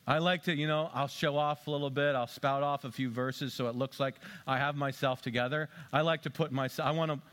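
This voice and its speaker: A man's voice: medium pitch, steady tone, fairly quick, few pauses, a bit bright. A male pastor delivering a sermon in a conversational way, asking the congregation rhetorical questions and slipping in dry, sarcastic asides.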